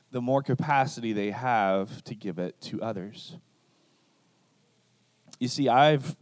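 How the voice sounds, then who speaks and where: A man delivers a sermon conversationally, frequently checking in with listeners by asking "right?" and acting out brief quoted exchanges to illustrate his points. His mid-range voice has a darkish tone, and the recording is dry.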